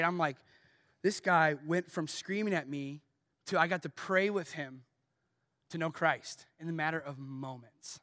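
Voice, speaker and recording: A man's voice: on the high side, a little slow, bright, forceful tone, clean studio sound. A male pastor preaching a sermon, telling a personal story and building to impassioned urging. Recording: long hall reverb.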